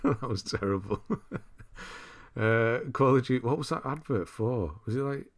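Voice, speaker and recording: At a medium pitch and moderate pace, a man with a mild northern English accent hosts a casual stream. He reads viewer comments aloud and chats in an easygoing, meandering way with plenty of chuckles.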